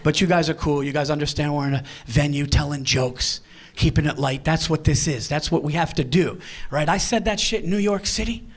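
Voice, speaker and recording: A man doing a stand-up comedy set in a live venue, brash and profane, shouting his punchlines. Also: on the high side, a little fast.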